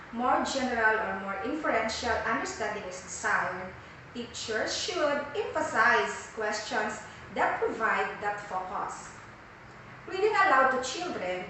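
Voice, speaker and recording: A woman presenter reading a formal session summary at a measured pace. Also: fairly high pitch, sharp tone, a little hiss or hum. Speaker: webinar presenter. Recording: very echoey room, distant mic.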